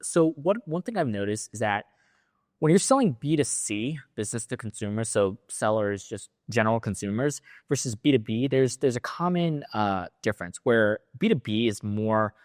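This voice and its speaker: A man's voice: fairly low pitch, lively intonation, normal speed, no echo, clean studio sound. A man co-hosting a casual discussion, asking questions and adding his own sales tips.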